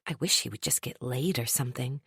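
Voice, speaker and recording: A woman's voice: very deep voice, brisk, bright, forceful tone, husky, dry recording, studio quality, voice pushed down, full character voice. A woman voicing a gossipy female coworker who speaks in a playful, teasing way.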